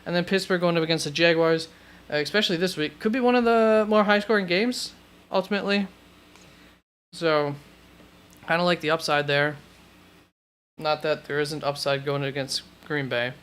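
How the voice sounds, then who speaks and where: Bright, crisp-voiced man thinking aloud. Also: fairly high pitch, moderate pace. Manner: thinks aloud, rambling with self-corrections. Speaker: fantasy football host. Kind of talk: live-stream chat answering questions.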